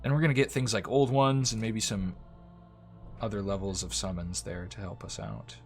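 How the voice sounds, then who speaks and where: A man with a fairly low voice talks through a strategy game in a relaxed, chatty way, sometimes urging the units on screen. Faint music plays behind him. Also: normal speed. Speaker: gameplay commentator. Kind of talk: casual let's-play commentary.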